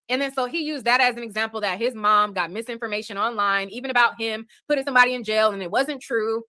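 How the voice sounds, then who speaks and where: Woman host, higher bright voice, loose rambling recap style, full of "like" and "um". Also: quick pace, hardly any pauses, no room sound. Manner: rambling, many fillers and restarts. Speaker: livestream host. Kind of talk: casual recap of a court hearing.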